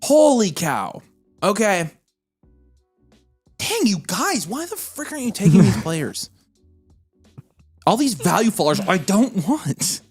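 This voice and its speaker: An excitable man co-hosts a casual livestream, reading viewer comments aloud and venting freely. His voice swoops through a wide range of pitch, over faint background music. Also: slightly rough. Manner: animated and excitable, quick to vent frustration. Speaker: co-host of a fantasy football livestream.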